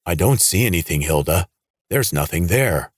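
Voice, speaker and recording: A deep, husky-voiced police chief, as a narrator voices him talks low and steady despite a wound. He reassures someone with firm, measured calm. The sound is close and dry. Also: no room sound. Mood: strained reassuring. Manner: steady, reassuring through pain.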